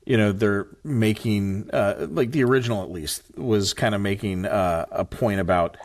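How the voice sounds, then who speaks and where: A man co-hosting a movie podcast, talking in a relaxed, rambling way. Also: on the low side, moderate pace. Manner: laid-back, rambling, full of fillers. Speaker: podcast co-host. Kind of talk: casual movie chat.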